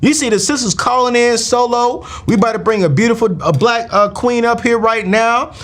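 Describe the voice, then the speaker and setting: A man's voice: very high-pitched, moderate pace. A man hosting a live call-in finance show, joking and preacherly. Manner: animated, preacherly, slangy and joking. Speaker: host.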